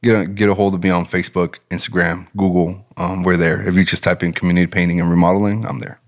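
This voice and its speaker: A lower-pitched man speaks in a casual interview, telling his story with growing enthusiasm. He sounds relaxed and heartfelt, rising in pitch as he gets excited. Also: quick pace. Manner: animated, enthusiastic storyteller, relaxed and faith-centered. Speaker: business owner and guest.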